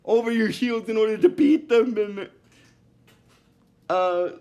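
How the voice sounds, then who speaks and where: A man's voice: sits high, slow, darkish tone. A man recapping a cartoon episode in a casual, rambling way, with many restarts and fillers and bursts of giggling.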